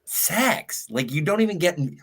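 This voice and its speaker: A man's voice: fairly high pitch, sing-song, moderate pace, a loud crowd. A man in a casual livestream chat, making wry, sardonic remarks.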